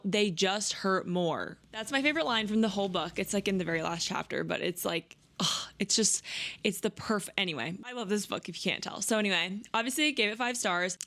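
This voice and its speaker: A woman's voice: medium pitch, fairly bright tone. A young woman book vlogger chatting casually and gushing, with lots of filler words. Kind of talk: casual vlog chat.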